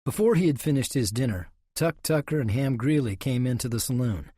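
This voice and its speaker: Husky steady western audiobook narrator. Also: male voice, mid-range voice, fairly quick, dry recording, clean studio sound.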